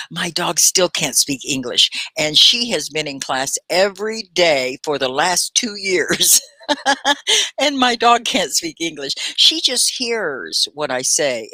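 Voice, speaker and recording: A woman hosting a live online English lesson, chatty and animated, laughing often and slowing down to stress key words. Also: low-pitched, no room sound. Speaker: ESL teacher and livestream host.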